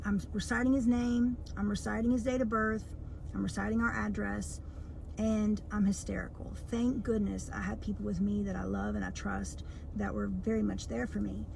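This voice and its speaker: A woman's voice: mid-range voice, level tone, moderate pace, vocal fry, a little mellow, a little hiss or hum, low-quality recording. A woman telling a personal story in a casual storytime monologue, earnest and tense, with many fillers.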